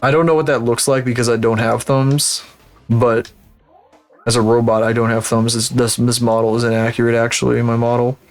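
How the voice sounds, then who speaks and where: A man's voice: mid-range voice, little pitch movement, a little fast, soft background music. A man streaming live, chatting casually and rambling with lots of swearing and self-mocking jokes while he works.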